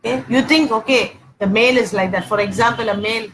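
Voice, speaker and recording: Woman, 40s, marriage teacher; talks in repeated, emphatic points, slips into acted quarrels; slightly high voice, light noise. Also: quick pace. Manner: repeats herself often, peppers talk with "okay", acts out domestic quarrels.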